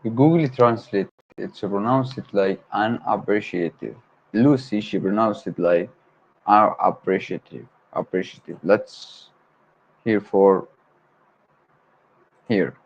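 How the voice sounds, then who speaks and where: A man's voice: lowish voice, takes it slowly, pauses often, a little mellow, slightly rough. A man whose first language is Arabic, hosting a study livestream and hesitantly repeating English words aloud to memorize them. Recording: dull lo-fi stream audio.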